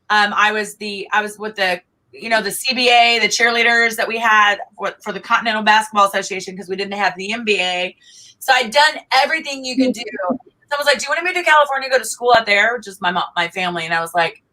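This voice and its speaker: A woman's voice: mid-range voice, bright, forceful tone, low-quality recording. A middle-aged woman, chatting animatedly as a guest and laughing often. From Oklahoma. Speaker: guest singer-songwriter. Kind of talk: casual interview chat.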